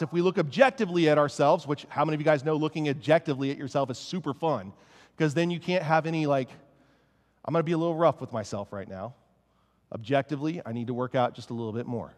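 A male pastor delivers an animated, conversational sermon, jokey and self-aware. His voice sits a little above the usual male range. It carries the long, lingering reverb of a church sanctuary. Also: fairly high pitch. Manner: casual, joking, animated preaching.

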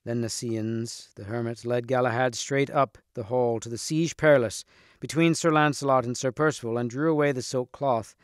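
Man reading a storybook, smooth. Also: medium pitch, steady tone, moderate pace, no room sound, clean studio sound. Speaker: reader. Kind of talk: storybook read-aloud.

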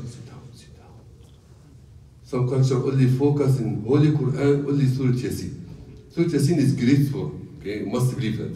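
A man delivering a sermon in simple non-native English, reciting Arabic verses and telling stories with growing liveliness. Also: lowish voice. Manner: storytelling, grows lively when retelling accounts. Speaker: sheikh giving a talk. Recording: echoey room, voice from far off the mic.

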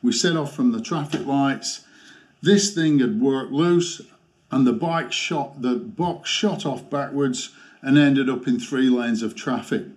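Exasperated man ranting a review. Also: mid-range voice. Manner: exasperated ranting, halting restarts. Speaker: motorcycle gear reviewer. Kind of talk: product review vlog.

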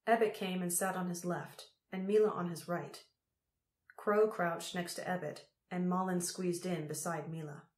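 A woman narrating an audiobook chapter in a measured, unhurried reading. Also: lowish voice, steady tone. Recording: roomy echo.

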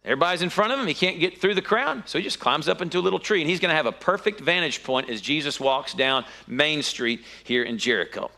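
A man preaches a sermon, telling the story with lively energy and leaping up in pitch when something surprises him. His voice is bright and a little high for a man. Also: quick pace, vocal fry, few pauses. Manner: animated storytelling with sudden high-pitched exclamations.

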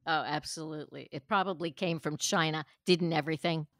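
A woman's voice: deep voice, steady tone, a little fast, fairly bright tone, no echo, clean studio sound. An older woman, a comedian guest, chatting casually and telling punchy stand-up jokes, acting out the voices of people she quotes. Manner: punchy joke delivery, acts out quoted voices.

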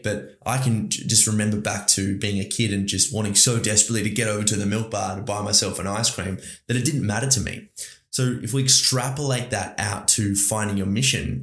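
A man's voice: lowish voice, steady tone, moderate pace, fairly bright tone. A man with an Australian accent hosting a podcast, talking in an enthusiastic, rambling motivational monologue to his listeners. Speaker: podcast host. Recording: roomy echo.

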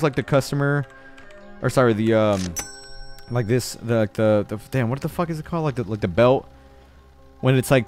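A man's voice: mid-range voice, a little mellow. A young man streaming a game live, chatting casually, swearing a lot and laughing often. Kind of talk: casual live-stream chat while gaming.

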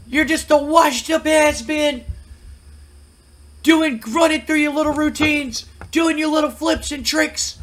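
A shrill, ranting wrestling manager. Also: male voice, a bit bright. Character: loud taunting male wrestling manager.

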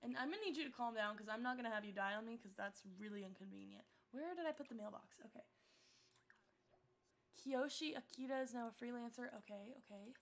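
Young female streamer, casual chatty commentary, high-pitched and giggly. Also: animated, a little fast, vocal fry. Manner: chatty and giggly, talking to the game and to chat. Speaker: game streamer.

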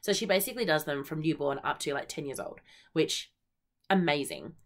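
A young Australian woman hosting her knitting podcast in a chatty, high-energy way, full of ums and likes. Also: lively intonation, brisk. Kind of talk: casual solo chat.

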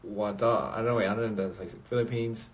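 A man's voice: on the low side, fairly even intonation, fast talker. A man chatting casually on a phone livestream, rambling and reading out viewer comments. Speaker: livestream host.

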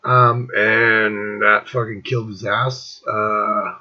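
A man's voice: fairly low pitch, flat delivery, takes it slowly, dull audio. A man in his fifties hosting a casual rant, blunt and profane, rambling between thoughts. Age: 50s. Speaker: host.

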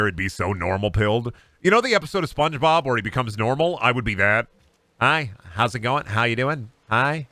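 Young iowa guy streaming games, bright voice, crude and rambly, swears a lot. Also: fairly low pitch, no echo. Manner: crude, rambling and self-mocking, swears often. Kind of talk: casual gaming stream commentary.

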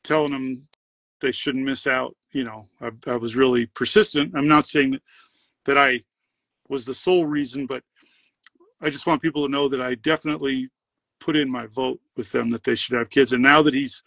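A man's voice: medium pitch, steady tone, normal speed, vocal fry, a bit bright, no echo. A middle-aged man hosting a livestream, upbeat, reading viewer comments aloud and chatting.

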